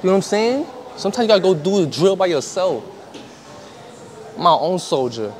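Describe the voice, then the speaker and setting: A man's voice: sits high, big pitch swings, normal speed. A young man chatting casually in a gym between sets, slangy and profane, telling stories with laughs. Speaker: vlogger. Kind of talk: casual workout vlog chat.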